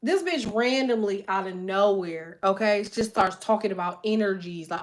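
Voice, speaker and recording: A woman's voice: mid-range voice, expressive, moderate pace, few pauses, slight background noise. A woman vlogger talking casually to her followers in a profane, rambling way, with plenty of "like" fillers.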